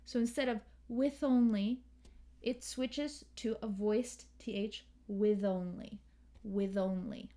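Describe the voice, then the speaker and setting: An American woman teaching English pronunciation, slowly and carefully modeling sounds and words. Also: medium pitch, fairly even intonation, warm tone. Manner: slow, careful, models sounds and sings lines. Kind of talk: pronunciation lesson with sung examples.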